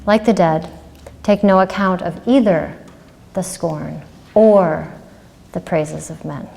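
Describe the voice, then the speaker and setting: A woman voicing a terse, solemn old desert monk who speaks in slow, quiet pronouncements in a reverberant lecture hall. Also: fairly low pitch, creaky.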